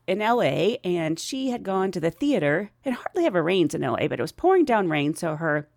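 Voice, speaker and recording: A woman's voice: lowish voice, brisk, vocal fry, dry recording, clean studio sound. A middle-aged woman, a podcast host and flight attendant, telling funny travel stories casually, laughing often and acting out the people in them. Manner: animated, laughs often, acts out quoted voices. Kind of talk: casual storytelling.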